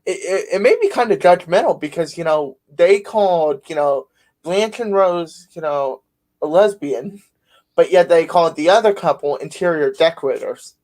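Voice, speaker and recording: Chatting casually on his podcast, a man tells stories in a rambling way full of fillers. He speaks at a normal speed, expressively, in a slightly high and a little mellow voice.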